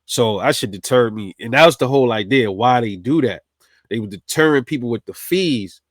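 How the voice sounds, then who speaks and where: A man's voice: mid-range voice, brisk, no echo, studio quality. Profane storytelling man. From New York City. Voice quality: streetwise, profane, animated retelling. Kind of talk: casual storytelling.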